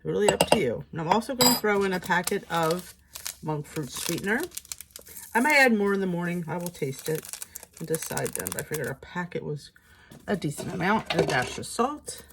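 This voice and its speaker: A woman's voice: fairly low pitch, lively intonation, a little fast, background noise. A middle-aged woman hosting a casual cooking vlog in her home kitchen, chatty and upbeat as she talks to viewers. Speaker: cooking channel host.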